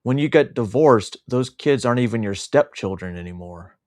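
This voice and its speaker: A man's voice: mid-range voice, lively intonation, normal speed. A man co-hosting a livestream, speaking in an indignant, sarcastic way. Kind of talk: casual livestream chat.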